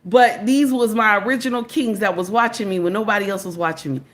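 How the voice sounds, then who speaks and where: A woman's voice: mid-range voice, a little fast. This is a woman running a casual live-stream commentary, speaking straight to her chat. She talks emphatically, drawing words out and circling back to the same phrases, stopping to greet viewers by name. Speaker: livestream commentator.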